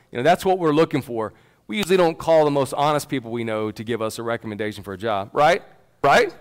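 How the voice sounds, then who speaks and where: A man's voice: medium pitch, fast talker, clean tone. A man preaching a sermon in a church, emphatic and conversational, calling on listeners by name. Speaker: pastor.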